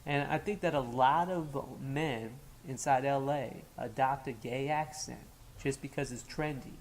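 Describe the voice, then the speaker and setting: A man's voice: mid-range voice, a little slow, a little hiss or hum. A young man from Los Angeles with a New York-sounding accent, co-hosting a casual chat, loose and rambling, trailing off with fillers. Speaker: co-host.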